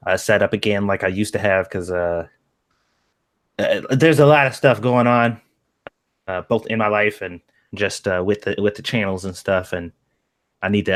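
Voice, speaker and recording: A man's voice: on the low side, fairly bright tone. A man co-hosting a stream, talking casually and rambling with lots of fillers. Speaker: stream co-host.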